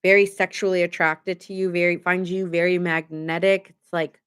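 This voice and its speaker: A woman's voice: fairly low pitch, little pitch movement, normal speed, fairly bright tone, a little hiss or hum. A woman giving a casual live tarot reading, chatty and often laughing as she acts out what people say. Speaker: tarot reader streaming live.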